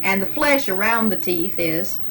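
A woman's voice: mid-range voice, animated, measured pace, a bit bright, a little hiss or hum, low-quality recording. Patient woman interviewer prompting answers. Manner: patient, prompting with unfinished sentences. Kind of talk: dialect survey interview.

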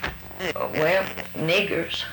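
Gravelly older man, folksy answers. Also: fairly high pitch, animated, drawn-out words. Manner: folksy, calls the interviewer honey. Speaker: interviewee. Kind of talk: answering a word-list interview. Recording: roomy recording with background hiss.

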